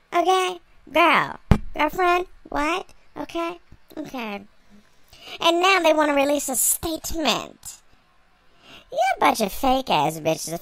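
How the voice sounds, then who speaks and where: A woman's voice: high voice, a bit bright, no echo. A young woman vlogger delivering a sassy, profane, mocking reaction rant, laughing between lines.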